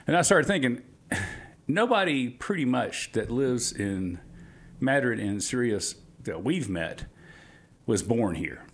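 A man's voice: medium pitch, very animated, moderate pace, breathy edge. A man from Atlanta, hosting a community radio music show in a rambling, chatty way. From Atlanta, Georgia, US. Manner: rambling, chatty, self-amused. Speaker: radio DJ host. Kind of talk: casual radio chat.

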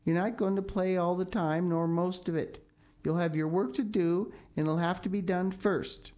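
Woman doing a stern, brisk older guardian. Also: fairly low pitch, steady tone, dark tone, close to an everyday voice. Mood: scolding. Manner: brisk, scolding, dry.

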